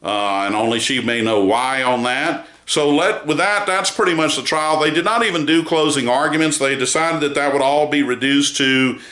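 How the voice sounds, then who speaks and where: A man giving a spoken news commentary on a court trial, measured and emphatic, with frequent pauses and fillers. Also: medium pitch, pushed and bright, echoey room. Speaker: news site founder giving a report.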